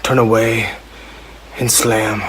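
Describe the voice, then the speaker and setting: A man doing an impression of a brooding young northern swordsman, reading song lyrics in a slow, solemn voice. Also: lowish voice, level tone, noisy background.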